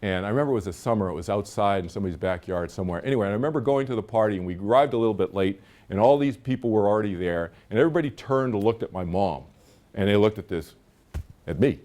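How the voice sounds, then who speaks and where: A man's voice: lowish voice, quick pace, a little mellow. A middle-aged man giving a live seminar talk, chatty and storytelling, often checking in with his audience. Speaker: seminar speaker.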